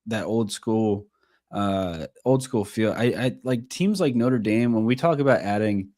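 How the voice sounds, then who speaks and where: Low-voiced blunt man, dry sound. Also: animated, unhurried, a little mellow, no echo. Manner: blunt, enthusiastic, swears casually. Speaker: podcast co-host. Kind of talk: casual chat.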